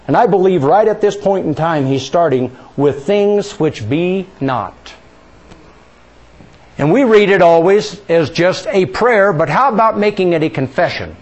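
Lively, high-voiced male preacher. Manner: asks the congregation questions, leads them in reciting. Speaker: pastor. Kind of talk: sermon.

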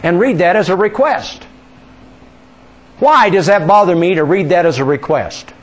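A man's voice: sits high, animated, normal speed. A man preaching a sermon as pastor, asking the congregation questions and leading them in reciting lines.

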